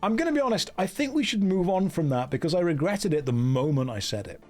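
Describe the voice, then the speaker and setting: A man's voice: high voice, sing-song, fast talker, a little mellow, faint music behind. A British man chatting casually on a game stream, joking, mocking himself and reading out chat. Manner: joking, self-mocking, reads chat aloud.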